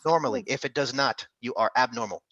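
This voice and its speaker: A man's voice: mid-range voice, fast talker, sharp tone, dull audio, a little hiss or hum. A man tutoring an interactive online medical exam class, upbeat and coaxing, calling on students by name.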